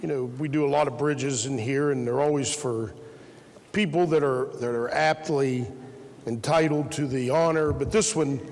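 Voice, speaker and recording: A man speaking earnestly and warmly as a state senator honoring someone on the floor. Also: medium pitch, normal speed. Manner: earnest, heartfelt. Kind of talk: floor remarks. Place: legislative chamber. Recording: echoey legislative chamber.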